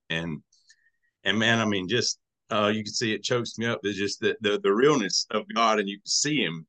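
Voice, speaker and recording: A man with a Southern country accent talks through his story as a podcast guest. His voice sits low but has a bright, forceful edge. He is folksy and emotional and acts out the people he quotes. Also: a little fast. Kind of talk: casual storytelling.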